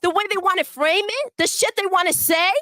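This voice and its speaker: A woman's voice: very high-pitched, a little fast, pushed and bright, no echo. A woman delivering a profane, scornful rant full of swearing. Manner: scornful, swearing, mocks with put-on voices. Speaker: livestream segment voice.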